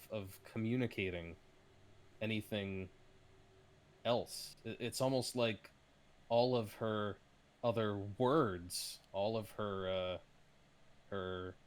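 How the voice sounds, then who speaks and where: A man narrating as game master of a tabletop game, hesitant, with many ums and uhs. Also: fairly low pitch.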